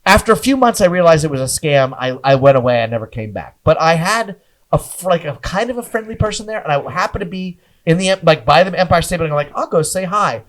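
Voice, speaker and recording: A man's voice: fairly high pitch, lively intonation, fast, rough recording. A man telling a rambling comic story in casual chat, laughing often and acting out the people in it. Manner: rambling, laughs often, acts out voices in his stories. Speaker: podcast guest.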